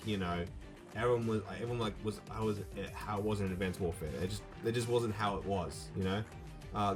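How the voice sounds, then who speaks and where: A young man hosting a casual gaming video, rambling with many fillers and restarts. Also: lowish voice.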